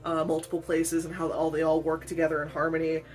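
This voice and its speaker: A woman voicing a wise, gentle old uncle in a casual, admiring tone, keeping her own voice. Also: sits low, monotone, fast, soft background music, close to an everyday voice.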